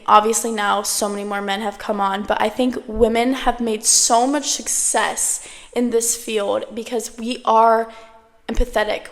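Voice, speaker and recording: Brief: young woman podcaster, slightly high voice, loose swearing chatter, long room echo. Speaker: podcast host. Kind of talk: casual solo chat to camera. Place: at home, indoors. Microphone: camera.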